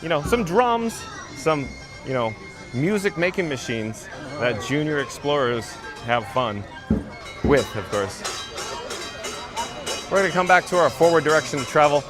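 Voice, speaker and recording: A man's voice: a little high, sing-song, measured pace, pauses often, music in the background, a crowd in the background. A man hosting a livestream while walking outdoors through a theme park, reading viewer comments aloud in a chatty, upbeat way. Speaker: livestream host.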